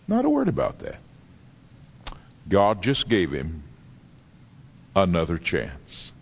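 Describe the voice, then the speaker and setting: A male preacher gives an animated sermon, his pitch leaping up and down as he tells stories and stops for dramatic pauses. His voice rings out with a long, hall-like reverb, as if he is recorded in a large church sanctuary. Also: breathy edge.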